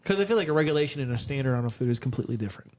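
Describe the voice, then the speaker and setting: A man's voice: medium pitch, expressive, racing, darkish tone, a little hiss or hum. A man co-hosting a casual podcast, asking playful questions. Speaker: podcast co-host. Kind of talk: casual chat.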